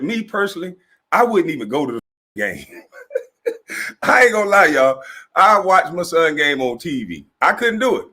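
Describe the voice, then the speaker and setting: A man in his forties who used to play basketball launches into a mocking, profane rant, laughing as he goes and acting out the people he quotes. His voice is fairly high, pushed and bright, with a breathy edge.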